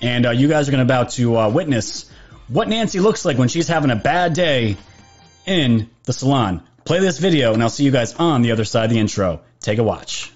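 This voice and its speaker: A man's voice: medium pitch, lively intonation, fairly quick, lo-fi sound, faint music behind. Chatty male livestream host. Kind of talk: live political commentary stream.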